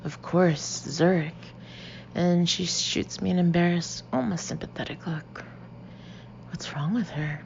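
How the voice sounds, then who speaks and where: A woman reading a first-person novel as an audiobook, expressive and slipping into breathy whispered asides. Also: on the low side, unhurried, highs cut off, slight background noise. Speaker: audiobook reader.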